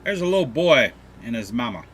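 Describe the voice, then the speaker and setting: A man hosting a gaming channel, telling a joke in a relaxed, folksy way over gameplay. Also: mid-range voice, a little fast, a little hiss or hum. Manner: folksy, relaxed storytelling with restarts.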